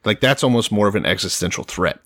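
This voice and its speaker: A man co-hosting a casual comedic podcast, retelling a story with animated voiced asides and swearing. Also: fairly low pitch, fast, no room sound, clean studio sound.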